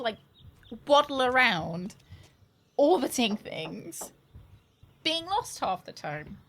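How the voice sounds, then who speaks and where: A woman's voice: high-pitched, a bit bright. A woman streaming a video game, giving casual, teasing commentary with casual swearing.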